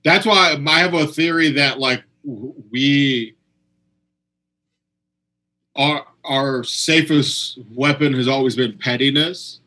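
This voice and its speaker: Bright-voiced man in animated chat. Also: mid-range voice, slow, poor audio. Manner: animated, acts out quoted exchanges. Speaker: comedian. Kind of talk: casual podcast chat.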